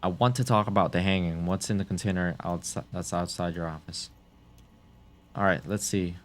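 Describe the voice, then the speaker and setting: A man doing let's-play commentary, excitable and reading his options aloud. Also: sits low, normal speed. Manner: excitable, reads choices aloud. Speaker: gameplay streamer.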